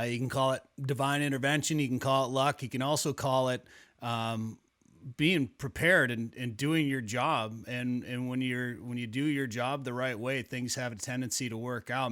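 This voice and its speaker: Bright-voiced rambling Midwestern host. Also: male voice, mid-range voice, normal speed. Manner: rambling storytelling with many restarts. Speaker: podcast host. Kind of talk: casual conversational interview.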